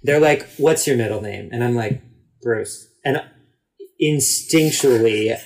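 A man's voice: mid-range voice, measured pace. A man with a mid-range voice tells a story at an easy pace. The talk is a casual podcast chat. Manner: relaxed anecdotal storytelling.

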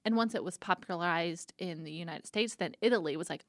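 A woman's voice: lowish voice, quick pace, few pauses, no echo, clean studio sound. A young woman co-hosting a casual snack podcast, teasing and chatty with lots of fillers. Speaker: co-host presenting pizza facts.

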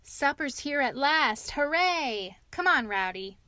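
A woman voicing an excitable, self-pitying male toad in a read-aloud story, with loud, theatrical exclamations. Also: mid-range voice, a little slow. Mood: remorseful.

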